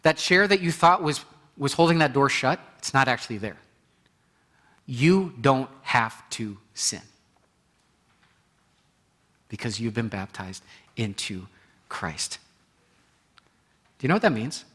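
A man preaching a sermon in an animated way, acting out inner voices and repeating phrases for emphasis. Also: medium pitch, takes it slowly, long pauses. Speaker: pastor.

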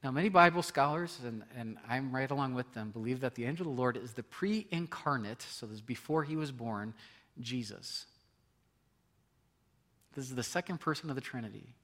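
A middle-aged man preaching a sermon as pastor, in a conversational way, often laughing and swinging between loud emphasis and soft, quiet passages. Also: mid-range voice, expressive, moderate pace.

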